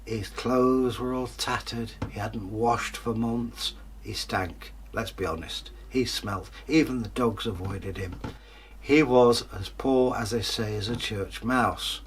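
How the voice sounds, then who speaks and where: A man telling a fairytale aloud as a storyteller and host, lively and chatty, with joking asides. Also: mid-range voice, slow pace, a little hiss or hum.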